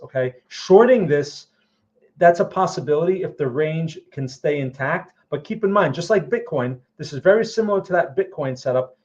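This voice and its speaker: A man's voice: fairly high pitch, darkish tone. A man hosting a live trading stream, explaining charts in a casual way and often checking in with "okay?" and "right?". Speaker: trading livestream host. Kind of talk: casual live market commentary. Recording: muffled lo-fi audio.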